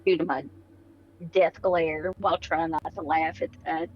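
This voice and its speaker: A player at a tabletop game speaks casually and partly in character, at a middle pitch. The recording sounds slightly dull and carries a faint hiss. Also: flat delivery, a little slow.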